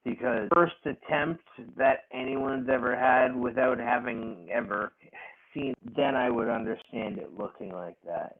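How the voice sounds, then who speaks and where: Podcast co-host, male, gravelly and husky, slow and profane, tinny phone-line audio. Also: medium pitch. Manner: profane, animated, laughing rants. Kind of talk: casual wrestling chat.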